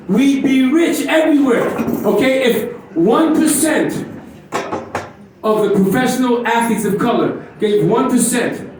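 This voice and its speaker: A man's voice: high-pitched, a little mellow, heavy reverb, far from the mic, rough recording. A man in his fifties doing a brash, profane stand-up comedy set on a club stage, teasing the crowd. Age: 50s.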